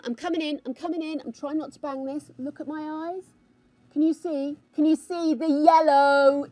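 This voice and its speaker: High, lively woman streamer. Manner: chatty and gushing, calling viewers pet names. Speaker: live streamer. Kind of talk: casual live-stream chat while gaming.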